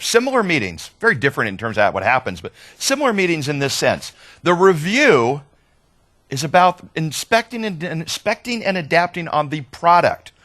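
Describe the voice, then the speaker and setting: A man giving a conference talk as a trainer, conversational and animated, often checking in with "right?". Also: fairly high pitch. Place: conference hall.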